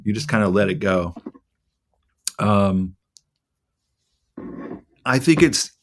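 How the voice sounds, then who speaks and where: A man's voice: on the low side, animated, slow pace, a little hiss or hum. Rambling, candid middle-aged man. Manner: rambling, candid, peppered with "like" and swearing. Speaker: podcast co-host. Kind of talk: casual chat.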